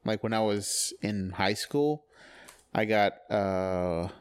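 A man's voice: on the low side, fairly even intonation, slow, clear, resonant tone. A young man in casual chat who teases his friends and keeps asking questions. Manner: teasing, jokey, asks questions.

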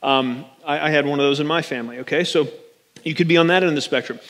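A man's voice: fairly high pitch, quick pace, fairly bright tone, big-room sound. A man preaching a casual, joking sermon as a pastor, often checking in with his listeners. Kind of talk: conversational sermon.

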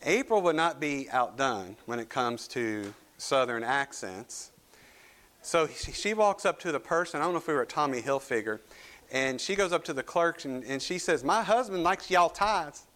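A man's voice: mid-range voice, expressive, normal speed, fairly bright tone. A male pastor preaching a sermon, telling folksy stories with southern turns of phrase before reading scripture and praying. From Kentucky. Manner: folksy storytelling with southern expressions. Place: church sanctuary.

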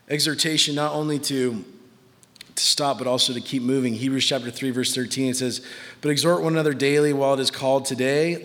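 A man in his thirties preaches a casual, joking sermon with a bright, forceful voice that sits fairly high. His pitch jumps up sharply when he acts out quotes. The hall adds a long, ringing reverb. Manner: animated and joking, pitch jumping up when quoting. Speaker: pastor.

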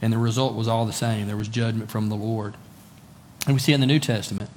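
A man's voice: fairly low pitch, fairly even intonation, fast, a little mellow, slight background noise. A man preaching a sermon in a conversational way, often asking his listeners rhetorical questions and repeating words for emphasis. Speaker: pastor.

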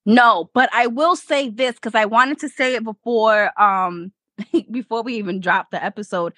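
A woman's voice: on the high side, unhurried, sharp tone, dry recording. A young woman from Spanish Harlem, New York, co-hosting a podcast in laid-back, profane, giggly chatter. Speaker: podcast co-host. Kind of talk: casual podcast chat.

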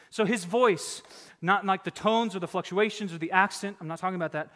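A male pastor preaching a sermon, emphatic, swinging from loud exhortation down to near-whispers. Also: high voice, brisk, few pauses, long reverb tail.

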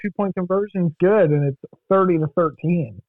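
A man's voice: high-pitched, normal speed, no echo. A man co-hosting a casual podcast, teasing his partner and calling out game scores. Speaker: podcast co-host. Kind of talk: casual chat and joking play-by-play. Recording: dull lo-fi dry mic.

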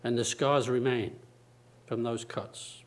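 A male preacher delivering a sermon at an unhurried pace, leaning on repetition and long pauses between phrases. His voice sits at an ordinary middle pitch. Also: steady tone. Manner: slow, deliberate preaching with repeated phrases and dramatic pauses.

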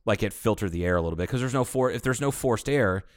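A young man co-hosting a podcast in casual chat, swearing freely and rambling in an animated way. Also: on the low side, fast, dry recording, clean studio sound. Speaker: podcast co-host.

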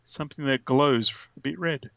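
A man's voice: mid-range voice, moderate pace, creaky, fairly bright tone, no echo, highs cut off. A chatty, giggly man, co-hosting a casual podcast and reading text aloud playfully. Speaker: podcast co-host. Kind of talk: casual comic podcast chat.

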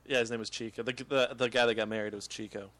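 A man hosting a casual podcast, telling long, meandering anecdotes and breaking into laughter. His voice sits at an ordinary middle pitch. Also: fairly even intonation, quick pace, fairly bright tone. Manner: rambling storyteller, laughs often. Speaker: podcast host. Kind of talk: casual chat.

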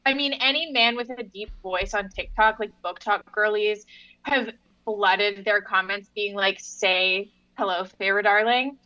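A woman's voice: mid-range voice, fairly even intonation, a little slow, pushed and bright, dry recording, highs cut off. A young woman co-hosting a podcast, making wry asides and wandering off on tangents in casual book chat. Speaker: podcast co-host.

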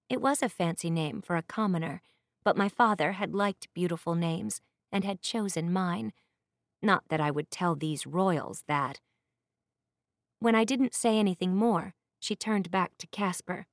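Low-voiced woman narrating an audiobook. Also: a little slow, no echo, studio quality. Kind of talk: scripted first-person narration.

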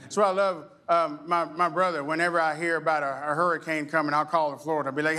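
A middle-aged male pastor preaching a sermon in an animated way, with sudden high exclamations and call-and-response with the congregation. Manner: acts out voices of others in quick asides.

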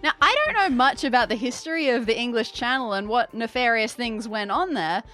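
A woman playing a game as a regular on the show, chatting in a quick-witted, teasing way. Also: fairly high pitch, sharp tone, soft background music. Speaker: player, regular co-host. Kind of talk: casual game chat.

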